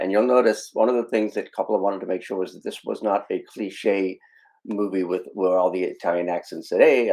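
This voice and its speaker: A man's voice: low-pitched, darkish tone, low-quality recording. A man hosting a podcast, casually explaining a film scene with frequent fillers and asides. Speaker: podcast host.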